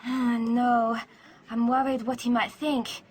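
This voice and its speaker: A woman's voice: on the high side, little pitch movement, slow, husky. An actress playing a cheerful young woman chatting with friends in a scripted English learning radio drama. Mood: chatty.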